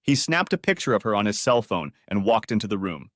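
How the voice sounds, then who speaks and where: Male narrator, animated intonation, bone-dry close read. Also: fairly low pitch, a little fast, no echo. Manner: steady storytelling. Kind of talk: scripted story narration.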